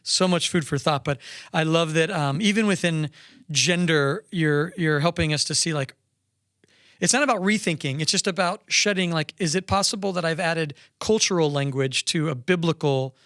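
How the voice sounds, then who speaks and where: A man's voice: fairly high pitch, moderate pace, fairly bright tone, no echo, studio quality. A man hosting a podcast interview, talking enthusiastically in a casual way, often restarting his sentences. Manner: enthusiastic, effusive, with frequent restarts. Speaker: podcast host.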